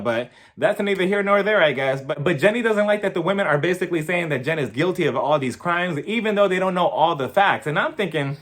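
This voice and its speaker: A man's voice: fairly high pitch, animated, a little fast, hardly any pauses, a bit bright. A man chatting casually as he recaps a reality TV episode, gossipy and profane, breaking into laughter. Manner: gossipy, chatty, swears freely, laughs often.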